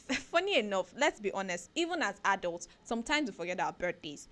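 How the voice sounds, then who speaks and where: Woman, radio host, casual advice talk, animated, rhetorical questions, frequent laughs. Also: mid-range voice, fairly quick. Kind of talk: casual talk segment giving parenting advice.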